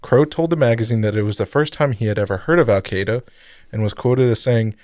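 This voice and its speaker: A man's voice: medium pitch, fast, a little mellow, no room sound, studio quality. A man co-hosting a podcast, telling a story in a rambling, jokey way and correcting himself as he goes. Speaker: podcast co-host. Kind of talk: casual podcast chat.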